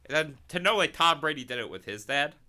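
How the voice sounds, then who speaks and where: A young man with a strikingly bright, sharp voice jokes around on a podcast. His pitch swings widely as he teases and riffs in casual chat. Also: expressive, quick pace. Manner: joking, teasing, laughing. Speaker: podcast co-host.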